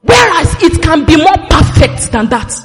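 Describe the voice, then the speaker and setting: A woman preaching a sermon, animated and sing-song, slowing down to stress scripture. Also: high-pitched. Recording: reverberant hall with faint music.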